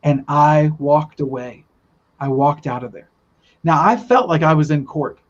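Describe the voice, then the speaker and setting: An earnest man tells a spiritual story in loose, rambling podcast talk, often restarting his sentences. His voice sits a bit high for a man. The recording is dull and lo-fi. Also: a little slow. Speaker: guest telling a spiritual vision. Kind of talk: casual storytelling in a podcast chat. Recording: dull lo-fi sound.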